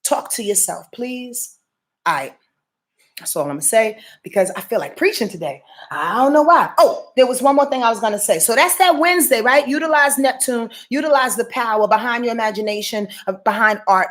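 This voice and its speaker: A woman's voice: medium pitch, moderate pace. A woman hosting a live astrology stream, talking to viewers in a preachy, slangy, emphatic way and swearing freely. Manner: repeats and restarts words, many filler sounds. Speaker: astrology show host.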